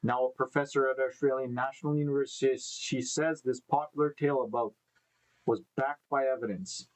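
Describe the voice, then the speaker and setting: Male host, live stream, casual news reading, stumbles over names, thinks out loud, mid pitch. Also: fairly even intonation, fairly quick, poor audio. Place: indoor room with live beehives.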